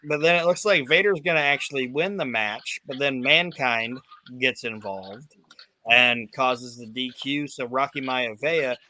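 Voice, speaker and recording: A man's voice: medium pitch, pushed and bright. A man hosting a casual chat, retelling events loosely with lots of swearing and fillers. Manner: loose, profane storytelling with fillers. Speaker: podcast host.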